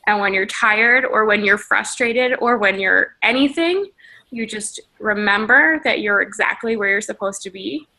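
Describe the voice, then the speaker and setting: A woman's voice: medium pitch, vocal fry, bright, forceful tone, low-quality recording. A woman leading a team video call, giving an emotional motivational pep talk in a shaky, tearful, gushing way.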